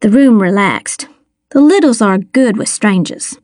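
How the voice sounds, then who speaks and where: A woman reading a first-person audiobook, with measured, wry storytelling. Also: medium pitch, animated, darkish tone, no room sound, studio quality. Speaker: audiobook narrator.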